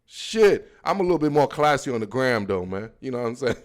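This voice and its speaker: A young man with an African accent hosting a football podcast, riffing in slangy, animated casual talk and stretching words out for emphasis. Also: medium pitch, fairly quick. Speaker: podcast host.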